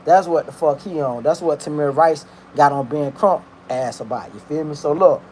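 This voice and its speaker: A man with a high-pitched voice talks his way through a story in loose, rambling commentary. His delivery is slangy and profane, and he cooks in his kitchen as he goes. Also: normal speed, dark tone, slight background noise. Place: kitchen, cooking while talking.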